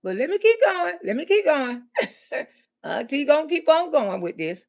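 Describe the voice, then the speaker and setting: A middle-aged woman telling a comic personal story on a livestream, animated, laughing often and bursting into loud exclamations. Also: high voice, normal speed. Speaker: comedian storyteller.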